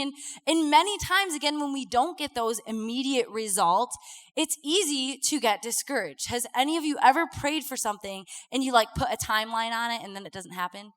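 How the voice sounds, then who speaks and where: A young woman giving a casual sermon, chatty and animated, full of fillers and acted-out quotes. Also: fairly high pitch, brisk. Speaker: preacher. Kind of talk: casual sermon with personal stories. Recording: live talk with long hall reverb.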